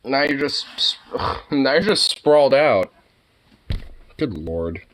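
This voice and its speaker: A man talking to his dog on camera in teasing baby talk, laughing and swearing, dropping to low mutters and jumping up to high squeals. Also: sing-song, slow, fairly bright tone. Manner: laughs often, swears casually. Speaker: dog owner filming his husky. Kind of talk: casual talk to a pet on camera.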